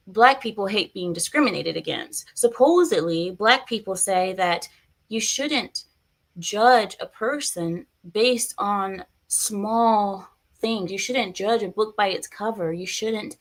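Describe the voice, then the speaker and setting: A woman's voice: medium pitch, animated, takes it slowly. Woman, streamer doing casual political commentary; chatty, opinionated, talks straight to her viewers.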